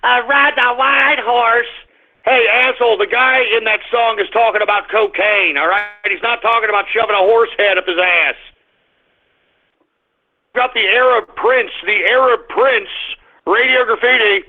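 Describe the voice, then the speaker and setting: A man's voice: high-pitched, moderate pace. A male radio call-in show host, ranting and cursing heavily. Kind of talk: profane call-in show banter. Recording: narrow phone-like sound, faint music.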